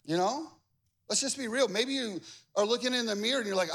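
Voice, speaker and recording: A male pastor preaching a sermon, animated and conversational, with humor and acted-out quotes. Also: very high-pitched, fairly quick. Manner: acts out quoted voices with big swings in loudness.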